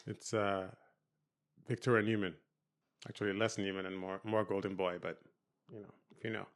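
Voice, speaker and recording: A man's voice: deep voice, little pitch movement, moderate pace. A man hosting a reaction video, commenting casually on a TV episode and thinking aloud in a rambling way.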